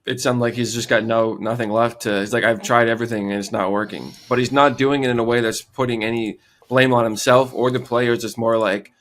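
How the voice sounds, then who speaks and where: Fast-talking male co-host, easygoing casual sports chat. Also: mid-range voice, fairly even intonation, fairly bright tone. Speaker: podcast co-host.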